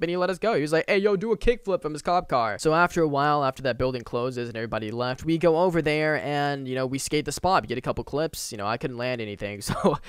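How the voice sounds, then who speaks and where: A young man telling a story in a casual, animated vlog style. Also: medium pitch, smooth, dry recording. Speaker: YouTuber.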